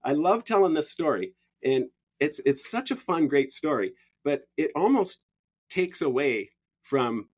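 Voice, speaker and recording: A man, a podcast guest telling stories in a relaxed, rambling way with frequent laughs. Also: fairly high pitch, measured pace. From Canada. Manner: easygoing, rambling, laughs often. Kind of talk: casual storytelling.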